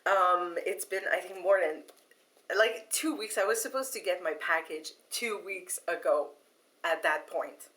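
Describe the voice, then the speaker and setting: A woman telling a long story to her viewers in a casual, animated way, laughing often, with many fillers and restarts. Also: lowish voice, measured pace. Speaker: vlogger.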